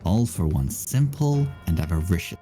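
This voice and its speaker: A woman voicing a stern male lawyer who lays out an accusation deliberately. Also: a bass voice, very animated, dark tone, soft background music. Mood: accusing.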